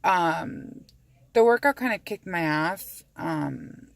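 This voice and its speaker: Woman vlogging in her car, heavy vocal fry, rambly and sweary, super candid. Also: fairly low pitch, expressive, takes it slowly, no echo. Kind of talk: casual chat to camera. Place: inside a parked car.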